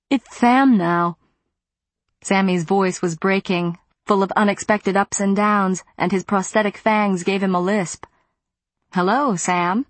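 A woman narrating a novel in the first person, with expressive storytelling. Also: fairly low pitch, no room sound. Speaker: audiobook narrator.

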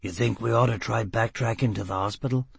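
A tough, blunt man with a gruff, clipped way of talking, played by a man reading aloud. The voice is a little husky and dry. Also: fairly low pitch, steady tone, fairly quick, no echo, full character voice. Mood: weary. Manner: gruff, clipped and rough-spoken.

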